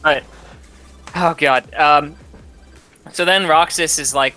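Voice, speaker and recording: A man's voice: fairly high pitch, fairly even intonation, takes it slowly, bright, forceful tone, faint music behind. A man casually retelling a game's story, rambling and swearing, often laughing. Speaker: host retelling a game's plot. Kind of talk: casual drunk chat.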